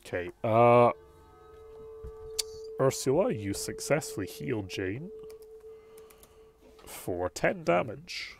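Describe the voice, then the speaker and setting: A man's voice: mid-range voice, sing-song, slow, creaky, pauses often, faint music behind. A man narrating and running a tabletop game as game master, in a casual manner, swearing freely.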